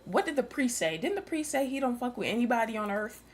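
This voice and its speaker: A woman's voice: fairly high pitch, big pitch swings, fast, slight background noise. A woman streamer chatting casually while reading a visual novel aloud, sarcastic and full of profanity. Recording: game music under the voice. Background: game music.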